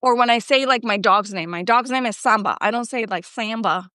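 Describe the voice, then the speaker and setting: Middle-aged Colombian-accented woman, native Spanish speaker, somewhat high, dry close sound, lively casual talk. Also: quick pace, clear, resonant tone, dry recording. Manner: chatty, animated, many fillers. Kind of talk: casual conversation.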